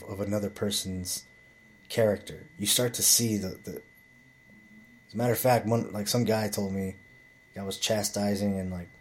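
A man's voice: lowish voice, a little hiss or hum. A man telling a rambling bar story in a blunt, profane, casual way, with frequent restarts.

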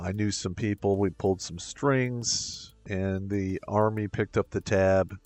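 A middle-aged man from Michigan, an army veteran, speaks in a low, dry, close voice. His delivery is deliberate and halting, with occasional stammers and trailing thoughts. Soft music plays faintly behind him. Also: no room sound. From Michigan, USA. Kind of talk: personal account to camera.

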